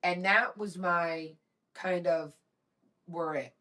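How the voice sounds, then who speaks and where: A woman's voice: on the low side, steady tone, slow pace, pushed and bright. A woman in her forties, co-hosting a podcast, telling a story bluntly, swearing freely and acting out what people said. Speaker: podcast co-host. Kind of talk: casual storytelling chat. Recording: voice a bit distant from mic.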